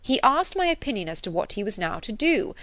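A woman voicing an earnest, frank older gentleman in a read-aloud novel, speaking emphatically. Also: on the high side, big pitch swings, a little fast, no echo. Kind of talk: audiobook character voice.

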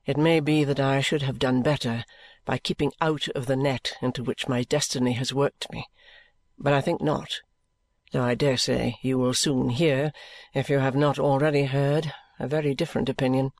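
A man's voice: mid-range voice, little pitch movement, moderate pace, no room sound, natural voice. A man voicing an earnest, troubled young man in an audiobook, pleading and sincere. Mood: rueful. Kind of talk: audiobook character reading.

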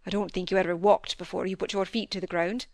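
Woman reading a gruff, fond doctor father. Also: lowish voice, level tone, fast talker, darkish tone, dry recording, clean studio sound, lightly acted. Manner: grave, teasing, with little impatience. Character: middle-aged male country doctor, gruff but fond father. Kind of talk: audiobook dialogue reading.

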